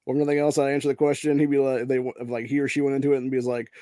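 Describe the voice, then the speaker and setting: A brash, foul-mouthed male podcast host from Ohio runs through the news in casual commentary. He keeps dropping "dude" between lines. His voice is mid-pitched, dark and mellow, and recorded dry and close with no room sound. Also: little pitch movement, rapid-fire, dry recording. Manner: profane, brash, says dude a lot.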